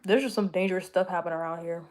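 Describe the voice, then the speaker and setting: A woman's voice: lowish voice, steady tone, racing, darkish tone. Rambling young woman chatting casually. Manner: rambling, self-correcting, jokey, with laughs. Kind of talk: casual chat answering viewers.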